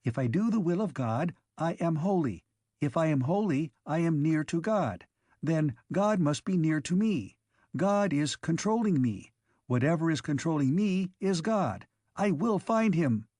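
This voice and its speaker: A man voicing an obsessive male robot that reasons in flat, methodical steps. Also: on the high side, a little slow, breathy edge, no room sound, clean studio sound, full character voice. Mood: fixated.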